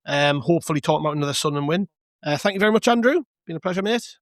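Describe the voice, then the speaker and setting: A man's voice: a little high, expressive, dry recording, studio quality. A man hosting a casual football podcast, joking around with his co-hosts. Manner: jokey, quick-talking. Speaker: podcast host. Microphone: remote call.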